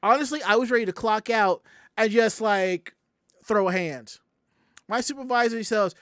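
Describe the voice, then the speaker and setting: Hosting a casual podcast, a man from the Southern United States tells a long story, acting out everyone's quoted lines with animation. His voice sits high, clear and resonant, at a moderate pace. The studio sound is clean, with no room sound.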